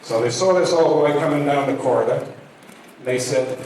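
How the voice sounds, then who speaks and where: A man's voice: medium pitch, fairly quick, distant mic, a little hiss or hum. Older man telling jokes in an echoey hall. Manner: lively storyteller who acts out every voice. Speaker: joke teller at a community show. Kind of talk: stand-up joke telling.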